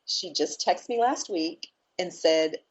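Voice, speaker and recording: A woman's voice: fairly low pitch, takes it slowly, breathy edge, lo-fi sound. A woman guest on a podcast, telling a heartfelt story in casual conversation and acting out what people said. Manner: emotional, animated storyteller who acts out quoted talk. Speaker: podcast guest, nonprofit founder.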